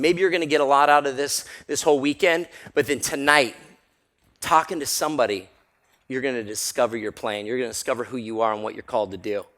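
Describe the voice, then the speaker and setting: An energetic man addresses a seminar crowd, telling stories and laughing often. His pitch sits in the middle of the male range. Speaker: motivational speaker. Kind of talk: live seminar talk. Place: seminar room with audience.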